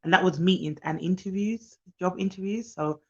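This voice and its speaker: A woman who works as a nanny gives chatty, fast-talking advice on a live stream while tired. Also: lowish voice, muffled recording.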